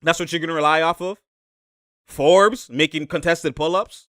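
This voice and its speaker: A young man giving a casual, slangy breakdown of basketball footage. He gets excitable and laughs a lot. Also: on the high side, normal speed, no room sound, clean studio sound. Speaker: basketball commentator.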